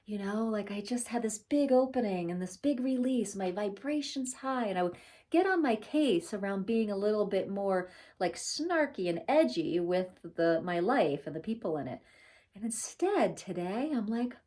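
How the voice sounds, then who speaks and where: Woman in her 40s doing a chill spiritual vlog, slow, lots of likes and little laughs, mid pitch. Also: lively intonation, darkish tone. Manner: chatty and unhurried, laughs often, many fillers. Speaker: spiritual vlogger. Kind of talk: casual spiritual talk to camera.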